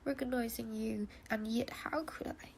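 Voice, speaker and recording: A woman with a stuffy nose reading the part of a lively, playful young wife in a soft, half-whispered voice, with faint hiss behind her. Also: a little high, moderate pace, vocal fry. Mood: eager.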